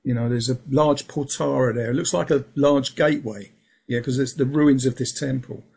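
A man's voice: medium pitch, fairly even intonation, moderate pace, gravelly, a little mellow, husky. A man talking casually as an interview guest, rambling, restarting his sentences and filling with um and yeah. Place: lives in England.

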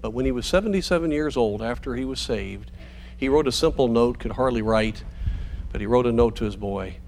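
An earnest male pastor delivering a sermon at a mid-range pitch, exhorting fathers and telling illustrative stories. A faint hiss sits behind his voice. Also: fairly quick, darkish tone.

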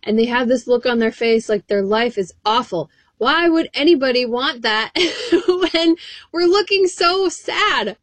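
An earnest woman preaching a sermon, with a fairly high voice. She reads scripture aloud and puts questions straight to her listeners. The sound is dry and close, with no room echo. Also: expressive, measured pace.

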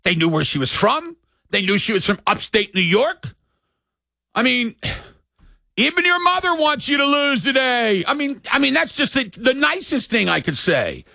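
A middle-aged man from the United States hosting sports radio, ranting and shouting his opinions. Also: very high voice, big pitch swings, normal speed, vocal fry, no echo, clean studio sound. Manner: ranting, loud, shouting at peaks. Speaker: sports radio host, former baseball player.

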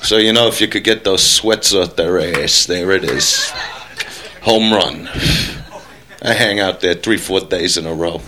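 A man's voice: sits low, a little slow, sharp tone. A man doing a stand-up routine, brash and crude, teasing the crowd. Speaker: stand-up comedian.

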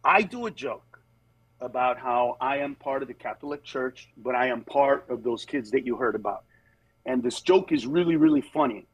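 Lively, husky-voiced comedian man. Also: medium pitch, dry recording, highs cut off. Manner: animated storytelling, slips into quick character voices; earnest and emphatic on serious points. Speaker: stand-up comedian guest. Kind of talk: casual podcast conversation.

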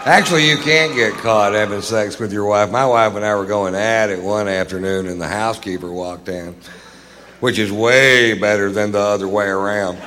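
A middle-aged man doing a stand-up routine, drawing out dry punchlines and acting out shouted quotes. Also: fairly low pitch, moderate pace. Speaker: stand-up comedian. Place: large theater stage. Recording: live hall recording with crowd noise. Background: audience laughter.

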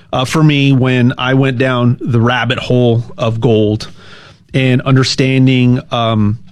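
A man giving a casual, rambling sales pitch, stumbling over repeated words and cracking jokes. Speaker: gold sales ad host.

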